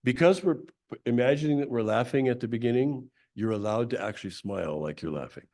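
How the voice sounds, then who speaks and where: A man giving a Sunday talk, leading the group through a laughter exercise with coaching instructions and frequent throat clearing. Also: mid-range voice, a little fast, dull audio.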